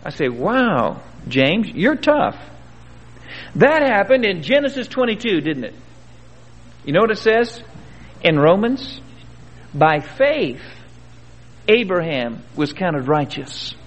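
A man's voice: high voice, big pitch swings, measured pace, long pauses. A man preaching a sermon in a folksy, earnest way, with rhetorical questions and homespun stories. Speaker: pastor. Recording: dull old recording in a reverberant hall.

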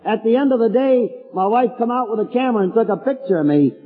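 A man's voice: very high-pitched, quick pace, husky. An older man preaching a folksy storytelling sermon with chuckling asides, heard through a tinny, echoey hall recording.

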